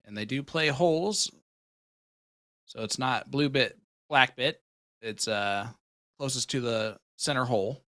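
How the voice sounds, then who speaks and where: A man calling darts play-by-play with excited calls and playful banter. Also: mid-range voice, measured pace, long pauses, no room sound, clean studio sound. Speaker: dart commentator. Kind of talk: live sports commentary, casual banter.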